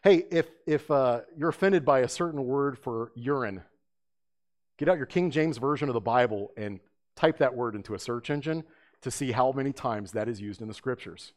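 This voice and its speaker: A middle-aged man preaching a sermon, conversational and storytelling, full of rhetorical questions. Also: moderate pace. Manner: hushed and low during prayer. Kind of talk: sermon with opening prayer.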